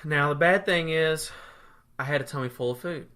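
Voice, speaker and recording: Bright-voiced guy telling a story. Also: on the high side, normal speed. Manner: laid-back, laughs through his story. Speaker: podcast co-host. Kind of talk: casual storytelling chat.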